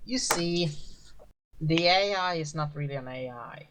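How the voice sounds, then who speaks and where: A man's voice: fairly high pitch, a little slow, fairly bright tone, low-quality recording. A man voicing a nervous young man who looks after his sister's ship, hesitant and stammering. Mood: wary.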